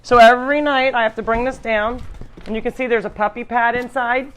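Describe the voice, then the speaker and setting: A woman's voice: fairly high pitch, steady tone, fairly quick, fairly bright tone. A woman hosting an animal sanctuary's live stream, talking in a chatty, rambling way with frequent restarts. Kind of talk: casual live-stream chat.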